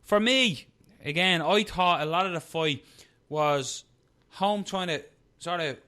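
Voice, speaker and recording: A man with an Irish accent co-hosting a casual fight-sports podcast, swearing freely and slipping into quick impressions. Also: fairly high pitch. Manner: swears freely, animated, mimics people in quotes. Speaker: podcast co-host. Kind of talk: casual chat.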